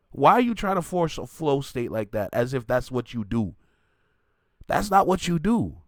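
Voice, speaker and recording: A man's voice: sits high, no room sound, studio quality. A man hosting a music reaction video, ranting emphatically and in disbelief as he gives his take.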